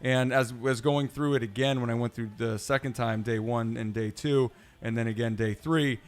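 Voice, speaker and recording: A man's voice: mid-range voice, fairly even intonation, normal speed. A man hosting a casual podcast, talking in a rambling, playful way with many fillers. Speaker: podcast host.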